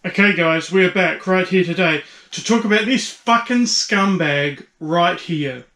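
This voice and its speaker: A man's voice: high voice, measured pace, sharp tone, roomy sound, slight background noise. An Australian man delivering a blunt, profane and mocking comedic rant as a YouTube commentator.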